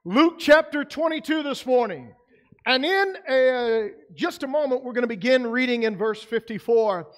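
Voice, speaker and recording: A man's voice: extremely high pitch, lively intonation, moderate pace. A man preaching a sermon as pastor in a church, conversational with frequent fillers. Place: church sanctuary.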